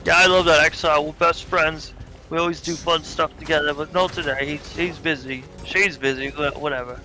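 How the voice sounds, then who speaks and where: A man voicing a little skull on a totem pole that insists it isn't lonely, talking loud and fast in defence. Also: fairly high pitch, fairly even intonation, soft background music. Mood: defensive.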